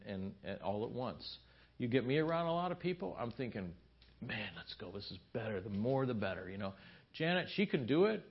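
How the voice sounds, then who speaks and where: A man's voice: medium pitch, vocal fry, lo-fi sound. A middle-aged man, a pastor, telling stories at a marriage seminar and acting out his wife's lines in a raised voice.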